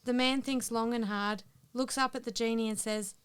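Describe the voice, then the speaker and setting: A woman podcast co-host telling a long joke story in a casual chat, teasing and quick to laugh. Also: on the high side, fairly even intonation, clear, resonant tone.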